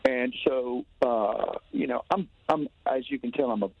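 A Southern man talks eagerly down a tinny phone line, circling back over his words and tumbling into restarts. His voice sits at a middle pitch, and the call sounds dry and boxy, with no room around it. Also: a little slow, creaky, slightly rough, dry recording. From Tennessee. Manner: rambling, enthusiastic, many restarts and fillers. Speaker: touring musician guest calling in. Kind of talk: casual phone interview. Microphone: telephone.

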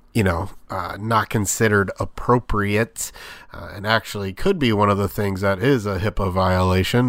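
A man's voice: on the low side, fairly bright tone, no echo. Guy doing a casual sports talk monologue, lots of ums and uhs, dry close sound. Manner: rambling, filler-heavy, conversational. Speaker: sports podcast host.

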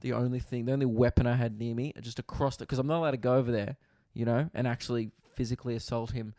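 Young Aussie guy, comedian host, gravelly voice, dry close sound, swears freely while telling a story. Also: medium pitch, little pitch movement, fast, mellow, dry recording. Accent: Australian. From Australia, Victoria. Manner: crude, profane storytelling with frequent asides. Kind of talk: comedic podcast monologue. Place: hotel room in quarantine.

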